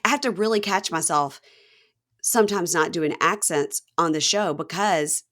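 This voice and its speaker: A woman's voice: lowish voice, normal speed, fairly bright tone. A woman hosting a podcast, recapping reality TV in gossipy casual chat and quoting people in their voices. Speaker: podcast host.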